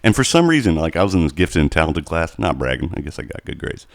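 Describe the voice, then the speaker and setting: A man co-hosting a casual podcast, telling animated stories with plenty of swearing. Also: rumbling low, quick pace, creaky, no room sound, studio quality. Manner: animated storytelling, heavy swearing. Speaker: podcast co-host.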